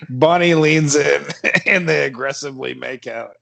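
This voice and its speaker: Man narrating comedy script, gravelly fry voice, slow, keeps laughing. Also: a little high, fairly bright tone. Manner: laughs often, stumbles over lines. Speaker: podcast host and narrator.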